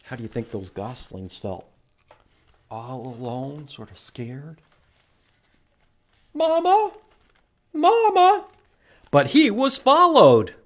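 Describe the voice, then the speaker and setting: Children's librarian, male, slow and expressive storytime reader. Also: mid-range voice. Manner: animated, asks the listeners questions. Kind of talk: reading a picture book aloud to children.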